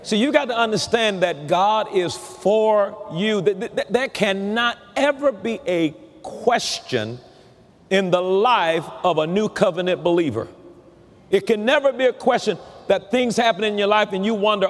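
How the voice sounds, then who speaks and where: A pastor preaching a sermon, slow and emphatic, leading his listeners in call-and-response. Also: high voice, long reverb tail.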